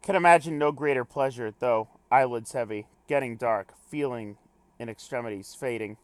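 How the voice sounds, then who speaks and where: A man's voice: medium pitch, normal speed, no echo, lightly acted. Man reading as a stiff, telegraphic adventurer. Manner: clipped telegraphic log-speak, pompous wording. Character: terse, formal male adventurer logging reports.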